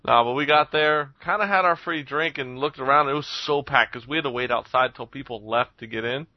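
A man's voice: medium pitch, a little fast, no echo. Casual rambling young man, dull mic. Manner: rambling, profane, laughs often. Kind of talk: casual storytelling.

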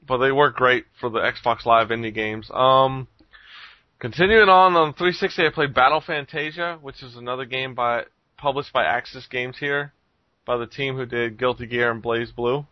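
A man's voice: mid-range voice, normal speed, dry recording, muffled recording. A man hosting a casual podcast chat, rambling with lots of ums and frequent chuckles. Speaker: podcast host reviewing games.

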